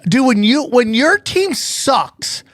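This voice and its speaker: A man with a high voice tells a story on a podcast. He acts out every line people said and his voice climbs into excited shouts. The sound is dry and close. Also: slow, no room sound. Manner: animated, acts out quotes, rising to shouts. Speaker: podcast co-host. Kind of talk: casual storytelling chat.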